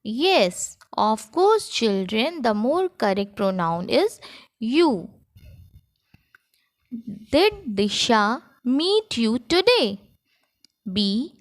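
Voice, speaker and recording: Female school teacher with an Indian English accent, slightly high voice, slow and deliberate lesson delivery, dry close recording. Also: big pitch swings, no room sound. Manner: slow, sing-song classroom delivery. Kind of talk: recorded grammar lesson for children.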